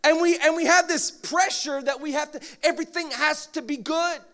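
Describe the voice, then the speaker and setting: Guy preaching, really high voice, goes from quiet to shouting, cracks jokes. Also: fairly even intonation, normal speed. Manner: dramatic, swings from quiet asides to shouted acted-out prayers; humorous, playful asides. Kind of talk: sermon.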